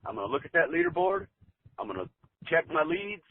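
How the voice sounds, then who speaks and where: A man, an insurance agent, giving a plainspoken motivational talk with a folksy anecdote, pausing often on fillers. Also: on the high side, big pitch swings, no room sound. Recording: tinny phone-like dry sound.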